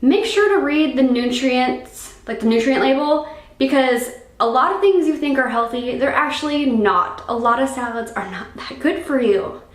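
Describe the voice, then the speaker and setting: A young woman chats casually for her vlog, rambling and dropping "like" and "um" all through her talk. Her voice sits somewhat high. The camera mic catches the echo of a bare room at home. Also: expressive, normal speed. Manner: chatty and rambling, full of "like" and "um". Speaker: fitness vlogger. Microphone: camera microphone. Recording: roomy echo.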